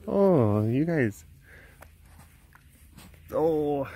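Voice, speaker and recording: A man's voice: on the high side, sing-song, slow, long pauses, warm tone, slight background noise. A man hosting a casual walking vlog outdoors at an animal compound, playfully cooing at the cats as he goes. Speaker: vlog host at a big cat facility.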